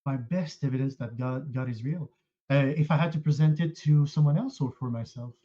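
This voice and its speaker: French Canadian caller, 30s, hesitant and halting, dull lo-fi line. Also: male voice, mid-range voice, dark tone. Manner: hesitant, halting, many fillers. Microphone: call-in audio. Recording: dull lo-fi call audio.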